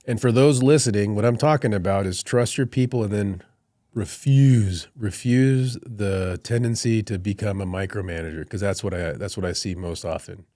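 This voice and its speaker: Middle-aged marine officer telling war stories on a podcast, lowish voice, dry close mic, laughs along the way. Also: male voice, normal speed, dry recording. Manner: animated storyteller, laughs through anecdotes. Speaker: Marine colonel guest. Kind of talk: storytelling in podcast conversation.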